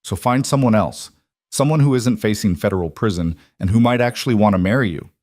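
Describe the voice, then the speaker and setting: A man's voice: fairly low pitch, fairly quick, darkish tone, dry recording, studio quality, close to an everyday voice. A man voicing a frightened young woman who is trapped, speaking in a breathless, pleading way. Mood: desperate.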